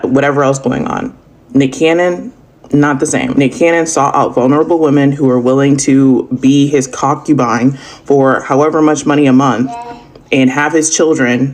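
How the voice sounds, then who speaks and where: A man giving video commentary, emphatic and firing off rhetorical questions. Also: fairly high pitch.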